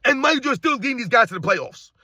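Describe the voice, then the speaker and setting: High, bright-voiced man ranting about sports. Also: animated, very fast, no echo, clean studio sound. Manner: emphatic, repetitive rhetorical questions; addresses viewers as guys, occasional shouting. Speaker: sports commentary host.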